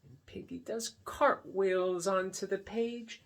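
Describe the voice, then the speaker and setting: A man reading a picture book aloud to children, gently explaining what is on each page. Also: high-pitched, steady tone, slow, creaky. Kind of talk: read-aloud storytime for kids.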